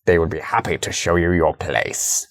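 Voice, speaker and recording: A man voicing a smug, sinister male Imperator with a slow, low, gloating delivery. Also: fairly even intonation.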